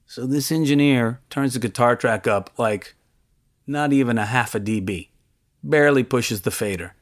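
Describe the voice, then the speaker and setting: A man casually recounting a story from his past, lively and acting out other people's voices. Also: mid-range voice, normal speed. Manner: animated, acts out the voices of others in his anecdotes. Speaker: interviewee recounting his studio career.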